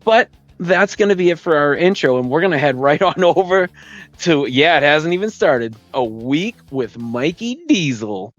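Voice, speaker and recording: A man's voice: on the high side, normal speed, muffled recording, soft background music. A man hosting his own podcast, telling stories in a rambling, casual way and chuckling often. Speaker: podcast host. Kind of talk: casual live-stream storytelling.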